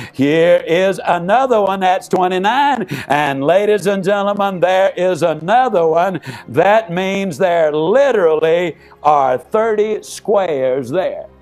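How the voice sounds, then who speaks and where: An older man works a seminar crowd. His voice sits high, and he talks in an emphatic, folksy way. Faint music plays behind the live talk. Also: a little mellow. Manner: emphatic, folksy, addresses the audience directly. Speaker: motivational speaker. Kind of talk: motivational seminar speech.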